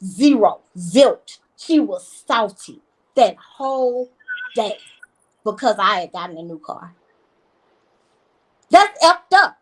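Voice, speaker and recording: A woman, a reality TV guest telling animated stories in a casual interview, with emphatic repetition. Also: a little high, slow pace, pauses often, rough recording.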